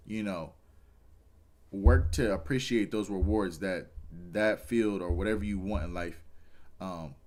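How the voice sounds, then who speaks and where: Young man, tired, earnest, rambling, low-pitched. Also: a little mellow. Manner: rambling, earnest, repeats phrases, swears casually. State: tired, yawning. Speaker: streamer. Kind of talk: casual motivational talk to camera.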